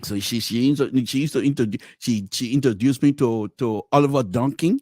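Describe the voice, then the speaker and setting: A middle-aged man, hosting a podcast and telling a personal story with many restarts, swinging between loud exclamations and low murmurs. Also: brisk, no echo. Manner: frequent restarts and repeated words. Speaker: podcast host. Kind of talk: storytelling commentary.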